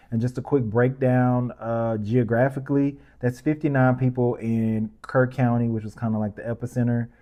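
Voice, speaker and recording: A man hosts a commentary show about current events. He talks with heated, rising emphasis and drops into casual asides. His voice sits at an ordinary middle pitch. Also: dark tone. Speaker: podcast host. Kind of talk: opinionated news commentary.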